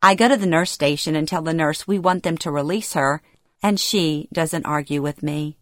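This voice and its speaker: Woman reading a memoir in a low, dry voice. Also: normal speed, a bit bright, dry recording. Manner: present-tense storytelling, emotional acted dialogue. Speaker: memoir narrator. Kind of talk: first-person memoir reading.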